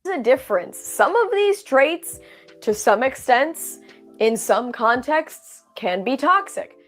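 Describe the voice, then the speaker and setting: A woman reading out commentary with firm emphasis. Her voice sits a little high and swings through a lively pitch range. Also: takes it slowly, soft background music. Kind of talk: scripted commentary.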